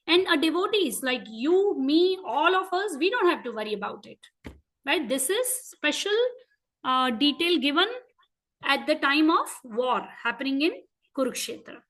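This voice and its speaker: A woman with an Indian English accent teaching a class of children, asking them frequent questions and telling stories in an animated way. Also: sits high, poor audio. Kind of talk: interactive lesson for children.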